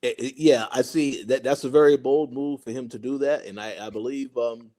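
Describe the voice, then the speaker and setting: A man with a mellow, dark-toned voice and middle pitch gives his take in a relaxed TV recap chat. He thinks out loud about where the story goes next. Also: moderate pace. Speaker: podcast co-host.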